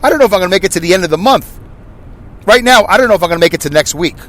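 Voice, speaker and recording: A man in his fifties with a New York accent, hosting a podcast in a loud, rambling, self-deprecating monologue. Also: high voice, lively intonation, very fast. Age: 50s. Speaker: podcast host. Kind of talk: casual monologue.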